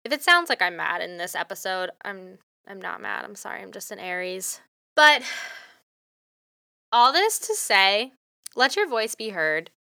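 A woman's voice: mid-range voice, pushed and bright, clear, resonant tone, no room sound, studio quality. Blunt, passionate young woman podcaster. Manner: blunt, passionate, swears freely. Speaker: podcast host. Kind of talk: solo motivational podcast.

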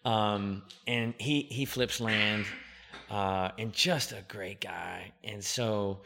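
A man's voice: on the low side, slow pace, creaky, crowd noise. A man in his fifties chatting casually as a podcast guest, humble and rambling with plenty of fillers. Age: 50s. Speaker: podcast guest, company founder. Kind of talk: casual interview chat.

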